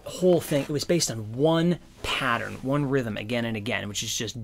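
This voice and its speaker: A man giving a casual guitar lesson, explaining in a relaxed, rambling way with lots of fillers. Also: mid-range voice, normal speed, vocal fry. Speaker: guitar teacher. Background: guitar playing.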